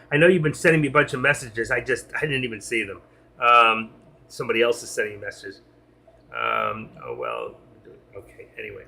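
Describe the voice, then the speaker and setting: A man's voice: on the high side, pushed and bright. A middle-aged man on a live stream, talking to his chat in an emotional, rambling way and answering viewers by name.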